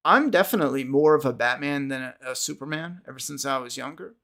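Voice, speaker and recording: Gravelly man rambling on a livestream. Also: mid-range voice, animated, fast, bright, forceful tone. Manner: rambling, frequent restarts, casual swearing. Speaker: podcast host. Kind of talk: casual livestream chat answering viewers.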